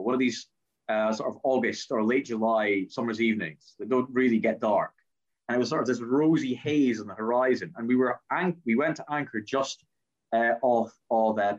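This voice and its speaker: Earnest man, muffled sound. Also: mid-range voice. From Scotland. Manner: hesitant, repeats words, earnest. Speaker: politician. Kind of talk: interview answers.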